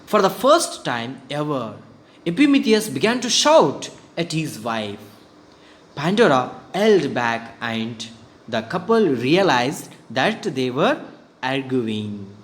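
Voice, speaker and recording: An English teacher with an Indian English accent reads a story aloud and explains it to students slowly and haltingly, using fillers and clearing his throat. His medium-pitched voice is very animated, recorded in an echoey room with a faint hum.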